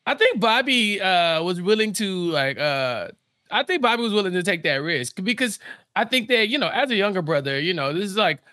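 A man co-hosting a podcast in casual chat, animated and acting out characters' lines as he recaps an episode. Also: high-pitched, moderate pace, no echo, clean studio sound. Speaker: podcast co-host.

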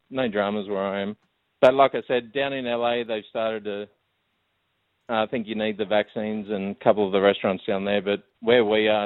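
A man's voice: on the low side, dry recording. Laid-back Australian man on a phone line. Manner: laid-back and self-deprecating. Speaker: caller. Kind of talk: casual phone-in chat.

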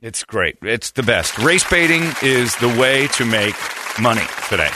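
A man's voice: mid-range voice, very animated, a little slow, crowd noise, background noise. A man hosting a casual comedy podcast, talking in a crude, mocking way and laughing often.

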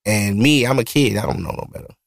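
A man's voice: lowish voice, fast talker, vocal fry, no echo, studio quality. A man in his thirties with a Brooklyn accent, hosting a podcast in casual, profane, rambling talk. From Brooklyn, New York. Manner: loose and profane, rambling storytelling. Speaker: podcast host. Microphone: studio mic.

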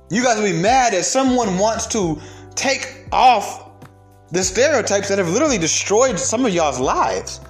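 A young man delivering a heated, profane rant of social commentary, emphatic and blunt. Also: high voice.

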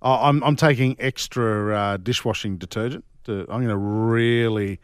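A man's voice: on the low side, steady tone, moderate pace, clean tone, no echo, clean studio sound. A man with an Australian accent co-hosting a radio sports show, joking, teasing his co-host and plugging the text line. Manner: jokey, teasing, upbeat plugs. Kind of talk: casual radio banter.

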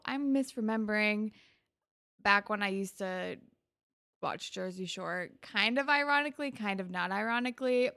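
A young woman co-hosting a podcast, recapping a TV episode in giggly, animated casual chat. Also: mid-range voice, gravelly, no echo, studio quality. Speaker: podcast co-host.

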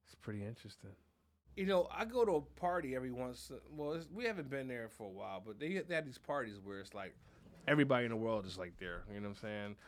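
A man co-hosting a podcast, telling stories in a loud, animated, profane way and laughing often. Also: mid-range voice, fast talker. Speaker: podcast co-host. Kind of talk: casual chat.

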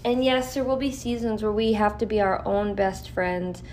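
A woman's voice: medium pitch, normal speed, darkish tone, slight background noise. A woman vlogger talking candidly with lots of swearing and fillers, reading aloud from a list now and then. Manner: profane, candid, filler-heavy. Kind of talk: casual talk mixed with reading aloud.

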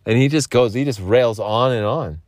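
A man's voice: mid-range voice, moderate pace, a little mellow, dry recording, studio quality. A young man in his twenties rambling and joking as a podcast host in a vocal booth, swearing now and then. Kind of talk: casual solo podcast chat.

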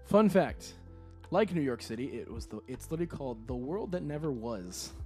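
A man's voice: mid-range voice, faint music behind. A man co-hosting a casual podcast, recapping a video game and acting out the characters' lines as he goes. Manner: animated, quick to act out characters' lines. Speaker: podcast co-host.

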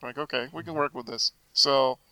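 A man guest on a podcast telling a story in a casual, animated way, acting out the dialogue as he goes. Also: medium pitch, a little fast, dry recording, poor audio. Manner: animated, acts out quoted dialogue.

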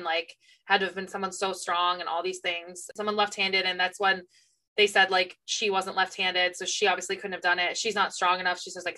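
A woman's voice: mid-range voice, bright, forceful tone. A woman co-hosting a book club podcast, chatting casually about a novel. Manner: chatty, reacting with surprise. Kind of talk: casual chat.

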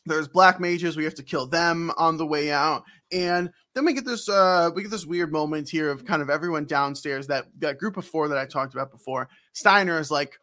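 A man's voice: a little high, moderate pace, hardly any pauses, pushed and bright. A man co-hosting a podcast, rambling through a game recap with lots of ums and acted-out scenes. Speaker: podcast co-host. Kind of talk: casual game recap chat.

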